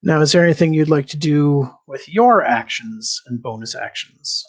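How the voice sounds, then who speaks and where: A man narrating a tabletop game as game master in an unhurried, descriptive way. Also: on the high side, expressive, poor audio.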